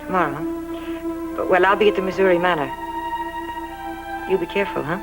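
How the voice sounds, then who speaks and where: A woman's voice: on the low side, a little fast, over music, natural voice, poor audio. An actress playing an anxious, loyal young woman, talking breathlessly and stammering eagerly.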